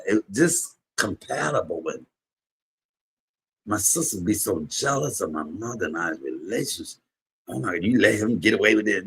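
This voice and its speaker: A man in his fifties talks in a low, deep register with a husky, raspy texture. He chats casually on a livestream, rambling through emotional stories that break into sudden loud bursts. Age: 50s. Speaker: comedian streamer. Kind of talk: casual livestream chat and storytelling.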